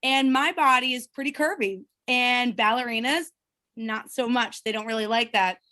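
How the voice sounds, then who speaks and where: Bright-voiced young woman, upbeat. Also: on the high side, steady tone, moderate pace. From United States. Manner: upbeat, emphatic, punchy list delivery. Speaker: guest, burlesque performer. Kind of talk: interview.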